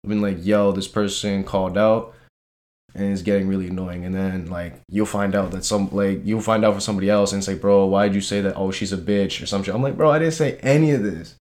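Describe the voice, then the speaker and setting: Slangy deep-voiced young guy venting. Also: level tone, brisk, a little mellow. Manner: slangy and profane, says bro and like a lot. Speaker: podcast co-host. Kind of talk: casual chat.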